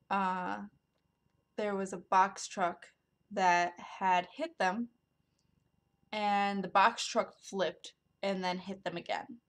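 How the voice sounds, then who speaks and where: Woman, vlogger, casual storytelling, rambling, filler-heavy, mid-pitched voice. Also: a bit bright. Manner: rambling, filler-heavy, many ums and likes.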